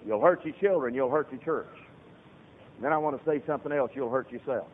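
A man preaching a sermon as a pastor, swinging from hushed talk to loud shouted peaks. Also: mid-range voice, a little fast. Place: church sanctuary. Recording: tinny lo-fi sermon recording in reverberant hall.

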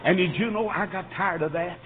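A middle-aged man with a North Carolina accent preaching a fiery revival sermon, telling folksy stories and breaking into shouts and whoops. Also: sits high, brisk. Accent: Southern US, North Carolina. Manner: shouts and whoops, swings from quiet storytelling to loud preaching. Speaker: Baptist preacher. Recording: tinny lo-fi echoey hall recording, faint hiss.

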